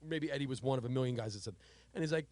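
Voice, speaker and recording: An animated man co-hosts a laid-back podcast, spinning stories, acting out what people said and laughing along the way. His voice sits at an ordinary middle pitch. The sound is close and dry, with no room around it. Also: rapid-fire, no echo. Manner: animated storyteller, acts out quotes, laughs often. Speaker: podcast co-host. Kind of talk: casual chat.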